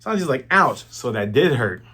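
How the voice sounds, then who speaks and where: A man's voice: fairly high pitch, big pitch swings, unhurried, a bit bright. A man in his thirties hosting a manga review, chatty and slangy in casual commentary. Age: 30s.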